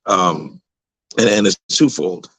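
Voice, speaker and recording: A man who coaches high school football, telling motivational stories in a radio interview with emphatic repeats. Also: takes it slowly, fairly bright tone, breathy edge, no echo, low-quality recording.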